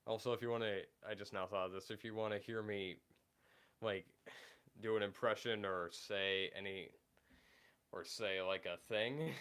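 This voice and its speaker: A man's voice: deep voice, a bit bright, clean tone. A man hosting a casual live stream, rambling and hesitant with many fillers while recovering from being sick. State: recovering from illness. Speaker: livestream host reading chat.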